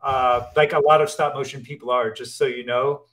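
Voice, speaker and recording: A man's voice: mid-range voice, steady tone, fairly quick, a bit bright. A man, an animator guest in an interview, talking casually and eagerly, often repeating and restarting his words as he gets carried away.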